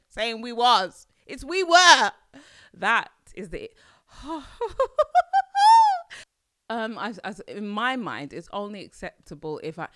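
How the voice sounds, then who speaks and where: A woman's voice: medium pitch, sharp tone, no room sound, clean studio sound. A middle-aged woman with an East London Cockney accent, talking casually to camera in an emphatic way and laughing often. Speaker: vlogger.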